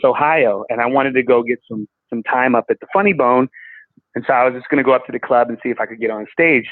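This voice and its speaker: Male comic guest, lively storyteller, dry phone-quality audio. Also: mid-range voice, no room sound. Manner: animated, acts out voices in anecdotes. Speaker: comedian guest. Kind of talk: storytelling conversation. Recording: tinny phone-like call audio.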